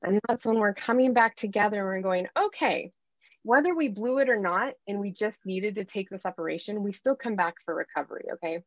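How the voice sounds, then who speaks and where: A woman's voice: mid-range voice, quick pace, hardly any pauses, no echo, highs cut off. A woman life coach on a podcast interview, explaining her advice earnestly and acting out little dialogues.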